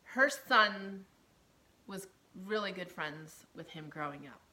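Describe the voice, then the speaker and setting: A woman tells her personal story in an earnest, heartfelt way. Her voice is bright and forceful but sits a little low, and she often sinks into a hushed near-whisper. She laughs softly between phrases. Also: animated, slow pace. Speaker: storyteller sharing her testimony.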